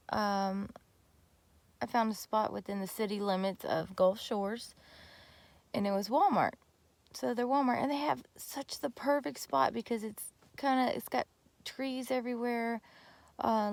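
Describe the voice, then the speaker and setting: A woman's voice: on the high side, no room sound. A young woman vlogger telling a story casually and animatedly, with many fillers and restarts.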